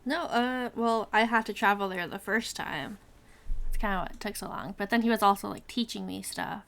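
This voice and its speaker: A woman chatting as a player in an online tabletop game, quick and chatty. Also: medium pitch, vocal fry, fairly bright tone. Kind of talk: casual chat in a tabletop game.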